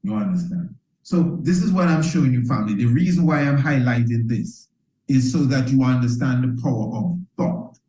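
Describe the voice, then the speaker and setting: A man teaching in a preacherly way, leading his listeners through an exercise and circling back to his point again and again. His voice sits at an ordinary middle pitch. The recording has a noticeable roomy echo. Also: normal speed, warm tone. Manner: preacherly, repeats phrases and asks "you understand?". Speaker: priest teaching a self-improvement course. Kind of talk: motivational teaching talk.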